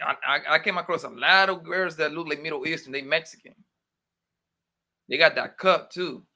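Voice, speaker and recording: A man's voice: on the high side, moderate pace, sharp tone. A man chatting loosely on a livestream, rambling with plenty of profanity. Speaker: livestream participant. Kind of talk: casual livestream chat.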